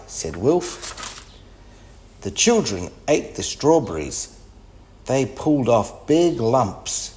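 Reader: low-voiced man, slow and lilting, reading to children. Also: very animated, warm tone. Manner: slow, sing-song, clearly paced. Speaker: storybook reader. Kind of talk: children's story read-aloud.

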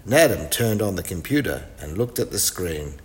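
A man reading a children's storybook aloud in a clear, expressive way. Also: sits low, normal speed.

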